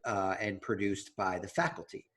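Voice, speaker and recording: A young man with a lowish voice co-hosts a casual podcast. He tells long stories, full of "um" and restarts, and keeps a loose, chatty rhythm. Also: fairly even intonation, moderate pace, fairly bright tone. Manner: chatty storyteller with many fillers and restarts. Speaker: podcast co-host. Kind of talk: casual chat.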